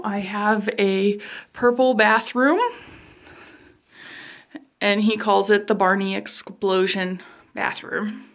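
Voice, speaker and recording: Young woman vlogger, house tour, unhurried pace, some vocal fry, chatty and self-mocking while she walks. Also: mid-range voice. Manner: chatty, self-deprecating asides; walking while talking, a bit out of breath. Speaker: vlogger giving a home tour. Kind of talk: casual walkthrough narration. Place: inside her own house, moving room to room.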